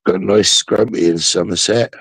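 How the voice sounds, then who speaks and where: Deep-voiced blunt Geordie man. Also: fairly even intonation, moderate pace, creaky, a bit bright, slightly rough, dry recording. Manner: blunt, argumentative, profane. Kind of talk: casual group chat.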